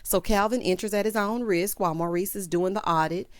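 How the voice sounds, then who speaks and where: A woman hosting a casual TV episode recap, sassy and animated, calling listeners child and honey. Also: mid-range voice, no room sound, studio quality. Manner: acts out characters' lines in quick quotes. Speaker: TV recap host.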